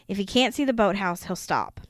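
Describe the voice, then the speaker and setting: A woman's voice: medium pitch, expressive, fairly quick, no room sound, studio quality, lightly acted. A woman voicing a worried father of a family, read lightly from a book.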